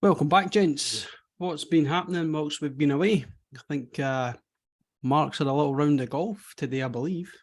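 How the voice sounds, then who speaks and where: A man's voice: fairly high pitch, moderate pace. Teasing man in his forties hosting. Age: 40s. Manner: teasing, dry banter. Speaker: podcast host. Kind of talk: casual chat.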